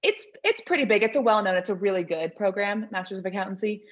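A woman's voice: medium pitch, expressive, fast. Chatty woman on a dull remote line. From American South. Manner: chatty, laughs often, self-deprecating. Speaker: podcast guest. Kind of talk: casual interview chat.

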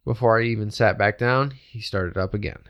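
A man with a low, gravelly voice reads a ghost story aloud. His delivery is steady and matter-of-fact, like a host reading a listener's tale. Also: moderate pace, muffled recording.

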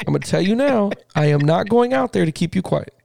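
A man co-hosting a casual sports podcast, an animated, profane storyteller who keeps saying "listen to me". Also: high-pitched, quick pace, gravelly. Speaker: podcast co-host.

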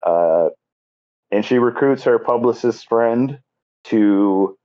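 A man rambles through a movie recap on a podcast, full of fillers and quick acted-out quotes. His voice sits at a middling pitch. The recording sounds slightly dull and lo-fi. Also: warm tone. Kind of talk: casual chat.

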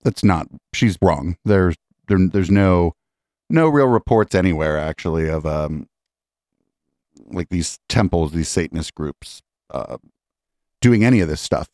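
Deep-voiced man hosting a podcast. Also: a little mellow, dry recording, clean studio sound. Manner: profane, rambling, frequent throat-clearing. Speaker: podcast host. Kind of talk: casual live-show commentary.

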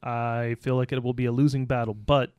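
Smooth-voiced joking American man. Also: medium pitch, level tone, brisk, darkish tone, no echo, clean studio sound. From United States. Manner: joking, self-teasing, with many ums and restarts. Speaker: podcast co-host. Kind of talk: casual podcast chat.

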